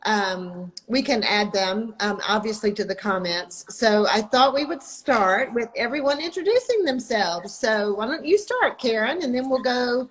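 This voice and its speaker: An older woman with a drawl hosts a casual live chat over a video call. Her voice sits a little high, and she keeps the talk moving in a cheerful, chatty way. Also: animated, a little slow, hardly any pauses, low-quality recording. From Texas. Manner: upbeat, chatty, welcoming. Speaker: host.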